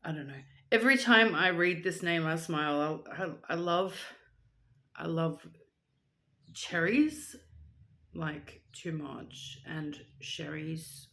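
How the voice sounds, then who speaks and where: Young woman vlogger with a lowish voice, chatty and goofy, easygoing pace. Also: slow pace, sharp tone. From Australia. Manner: chatty and playful, with silly asides and rambling tangents. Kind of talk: casual chat reading out viewer shoutouts.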